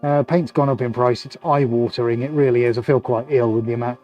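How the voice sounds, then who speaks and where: A man's voice: mid-range voice, steady tone, quick pace, dull audio, soft background music. A man hosting a live painting stream, chatting and joking as he works in his studio. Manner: chatty, jokey, laughs often while working. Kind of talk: casual live-stream commentary. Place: art studio, indoors.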